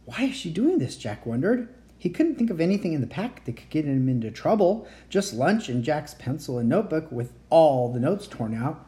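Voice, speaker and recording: A home reader reading a children's book aloud, expressive, with occasional slips. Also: medium pitch, moderate pace. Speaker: story reader.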